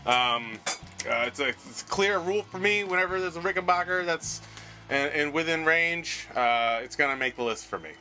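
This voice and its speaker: A man's voice: fairly high pitch, animated, moderate pace, bright, forceful tone, soft background music. A man co-hosting a casual chat show, joking and offhand in his delivery. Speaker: co-host.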